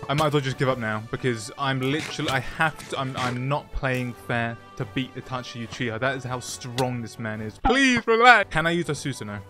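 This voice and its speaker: A young man playing a video game, talking through it with excited, jokey, self-mocking commentary and short narrated asides. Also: medium pitch. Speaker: gaming YouTuber. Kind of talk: playthrough commentary with voice-over narration.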